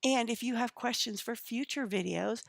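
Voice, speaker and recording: A woman hosting an interview show, upbeat and quick to laugh, closing with a friendly sign-off. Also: a little high, vocal fry, no echo, studio quality. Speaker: podcast host and mentor.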